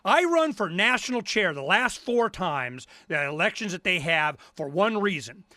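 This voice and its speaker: A man hosting a talk radio show, ranting with sarcasm, repeating himself and breaking into shouts. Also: high voice, big pitch swings, normal speed, no echo, clean studio sound. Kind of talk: angry radio rant.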